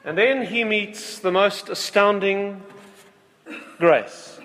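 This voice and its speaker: A man preaching a sermon, retelling a story slowly and earnestly, often restarting his phrases. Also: high-pitched, fairly bright tone. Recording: long hall reverb.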